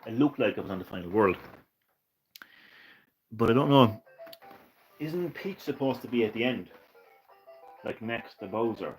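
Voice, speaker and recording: A man streaming retro games live, ranting and swearing with bursts of excitement and laughter. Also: on the low side, a little slow, long pauses, soft background music, poor audio. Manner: ranting, profane, excitable, laughs at own jokes. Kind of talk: casual live-stream chat.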